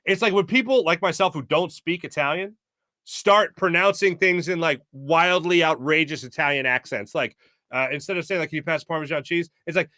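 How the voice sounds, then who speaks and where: A man's voice: a little high, brisk, sharp tone, dry recording, clean studio sound. An American man hosting a sports talk show, rambling and opinionated, with many fillers. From United States. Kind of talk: casual sports talk monologue.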